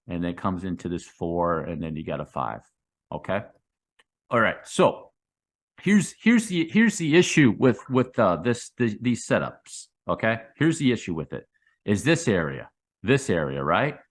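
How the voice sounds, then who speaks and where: A man's voice: low voice, big pitch swings, normal speed. A middle-aged man hosting a crypto trading channel, explaining chart patterns in a loose, repetitive way and tagging lines with "okay?" and "right?". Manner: restarts and repeats phrases while sketching on a chart. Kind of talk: casual explainer talk to viewers.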